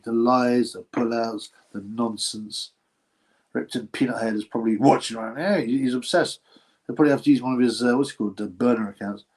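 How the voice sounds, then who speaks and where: A man's voice: medium pitch, darkish tone, breathy edge. A man hosting a casual boxing livestream, rambling, slangy and mocking, often laughing as he talks. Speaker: boxing channel host.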